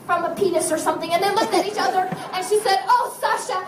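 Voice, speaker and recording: A squeaky tiny girl sidekick. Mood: bawdy, giggly. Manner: rapid raunchy storytelling, giggling. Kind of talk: live comedy stage monologue. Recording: roomy live clip from far off, loud crowd and noise.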